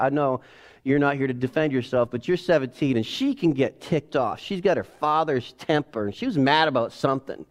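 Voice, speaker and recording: A man in his forties preaching a sermon in a casual, animated way, acting out family scenes. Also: a little high. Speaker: pastor. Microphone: headset or lapel mic.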